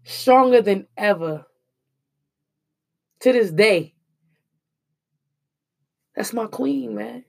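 A woman's voice: fairly high pitch, expressive, extremely slow, gravelly, long pauses. Earnest slangy woman giving life lessons. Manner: earnest, preachy, slangy and emphatic. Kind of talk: emotional personal monologue.

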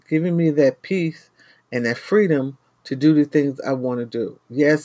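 Man host from New York, mid-pitched, earnest frugal-living pep talk, dry close sound. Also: a little mellow, no room sound. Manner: earnest, repetitive, addresses listeners as family. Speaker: host of a money-saving show. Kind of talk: casual motivational talk to viewers.

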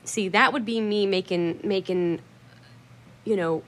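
A woman vlogger rambles on in casual chat. She is blunt, swears freely and breaks into hearty laughter. Her voice sits at a plain middle pitch. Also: a little slow.

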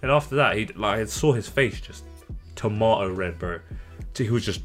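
A young man from London, co-hosting a casual podcast and telling stories in an animated way, swearing freely and acting out what people said. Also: fairly low pitch, normal speed, faint music behind. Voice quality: swears freely, animated storytelling with acted-out quotes. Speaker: podcast co-host. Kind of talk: casual chat.

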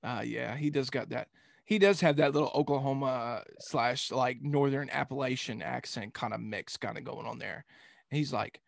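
A man's voice: mid-range voice, normal speed, creaky, no room sound, studio quality. A young man co-hosting a casual sports talk show, joking and slipping into silly impressions.

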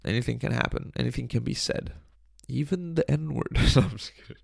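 A young man hosting his podcast alone, hoarse from a cold, joking crudely and rambling in casual chat into a close microphone. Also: medium pitch, brisk, no room sound. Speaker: podcast host. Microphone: studio microphone, close.

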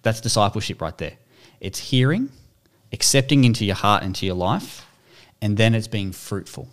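Deep-voiced man, thoughtful and methodical, for a scripture discussion. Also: moderate pace. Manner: thoughtful, reads verses aloud, builds points step by step. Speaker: bible study co-host. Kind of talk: casual bible discussion.

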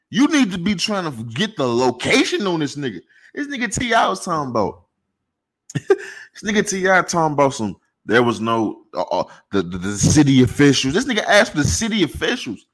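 A man's voice: wildly swooping pitch, moderate pace. A man hosting a podcast, ranting casually with heavy profanity and rising heat. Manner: profane, heated, gets louder and higher when ranting. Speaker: podcast host.

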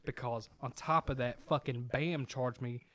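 A man co-hosting a podcast, telling a story in a loud, profane, laughing way and mimicking the people in it. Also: mid-range voice, fairly even intonation, unhurried. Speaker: podcast co-host. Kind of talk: casual storytelling chat.

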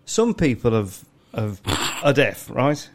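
A man's voice: mid-range voice, very animated, takes it slowly. Sweary man telling shop stories. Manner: swears freely, acts out customers with grunts. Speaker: podcast co-host. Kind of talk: crude casual banter.

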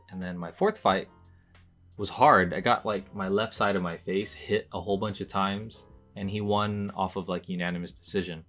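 A young man with a deep, low-pitched voice recounts a personal story in a loose, rambling way, leaning on "like" as a filler. His voice leaps up when he relives tense moments, then drops back to an easy murmur. Soft music plays faintly behind him. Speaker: podcast host. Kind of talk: casual storytelling monologue.

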